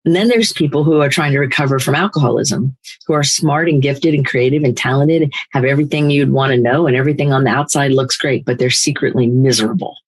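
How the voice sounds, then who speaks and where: An older woman hosting a recovery podcast, speaking in a firm, emphatic, animated motivational way. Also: extremely low pitch, fast talker, few pauses, breathy edge, low-quality recording. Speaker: podcast host, recovery coach. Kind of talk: motivational talk.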